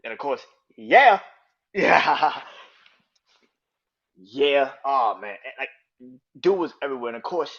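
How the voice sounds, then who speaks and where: A man hosting a casual solo podcast, talking in a loose, profane, excited way and laughing often. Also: mid-range voice, dull audio. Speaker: podcast host.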